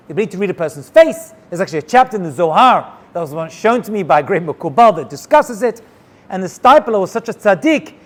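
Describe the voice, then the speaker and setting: A male rabbi telling a story in an animated way, dropping Hebrew and Yiddish words as he goes. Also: sits high. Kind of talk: storytelling talk.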